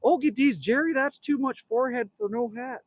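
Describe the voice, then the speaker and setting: A man's voice: very high-pitched, a little fast, no echo. Jokey Canadian man in his fifties. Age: 50s. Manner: rambling, jokey, talks straight to viewers. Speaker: livestream host. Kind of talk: casual livestream chat reading comments. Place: outdoors at a cabin.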